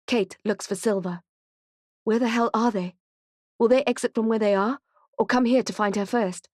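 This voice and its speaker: A woman's voice: on the high side, normal speed, long pauses, no room sound. Woman narrating a thriller audiobook, dry. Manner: tense, steady storytelling in present tense.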